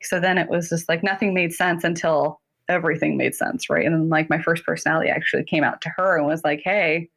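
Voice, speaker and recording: A woman guest therapist talking casually in an interview, chatty and quick, laughing often and saying "like" a lot. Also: low-pitched, steady tone, gravelly, fairly bright tone. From North Carolina, US.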